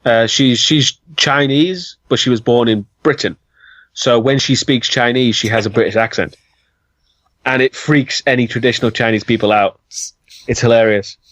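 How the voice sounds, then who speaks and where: A man's voice: medium pitch, fairly even intonation, normal speed, fairly bright tone, no echo. A Welsh man co-hosting a podcast, chatting casually and swearing now and then. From Wales. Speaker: podcast co-host. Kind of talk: casual chat. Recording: dull dry lo-fi sound.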